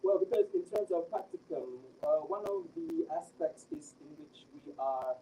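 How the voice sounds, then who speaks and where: A young trainee teacher explains word stress to a panel, pausing and repeating herself as she searches for words. Her voice is low and very dark, yet her pitch moves a lot. The mic sits some way off, with faint noise underneath. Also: huge pitch swings, vocal fry, recorded from a distance, poor audio. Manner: hesitant, restarts and repeats words while explaining. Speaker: trainee teacher presenting research. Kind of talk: academic presentation and viva answers.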